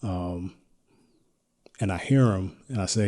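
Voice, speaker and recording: A middle-aged man hosting a podcast, telling a personal story in a reflective, halting way with many restarts. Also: sits low, warm tone. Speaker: podcast host.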